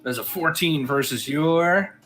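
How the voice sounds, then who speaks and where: Bright-voiced male game master. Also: a little high, a little slow, soft background music. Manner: casual, with frequent fillers. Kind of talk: narrating a tabletop game.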